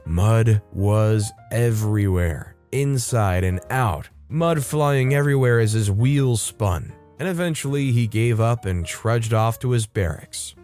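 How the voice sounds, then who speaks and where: A man reading a story aloud as a scripted narration, wry and lively, speeding up and slowing down for effect. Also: fairly low pitch, faint music behind.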